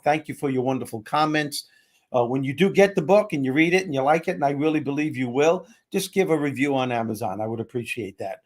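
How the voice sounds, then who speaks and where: A man hosting a podcast, talking casually and jokily. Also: mid-range voice. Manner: animated, jokey, does impressions. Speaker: host.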